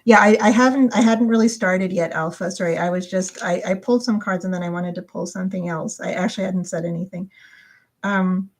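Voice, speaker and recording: A woman's voice: lowish voice, steady tone, a little fast. Rambling woman reading tarot live. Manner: rambling, hesitant, many fillers and restarts. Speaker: tarot reader.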